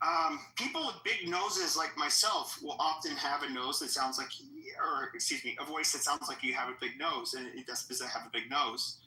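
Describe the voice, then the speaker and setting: Combative man with a sharp, echoey voice. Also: a little high, normal speed, hardly any pauses. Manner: combative, profane, interrupts often. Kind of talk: heated live debate.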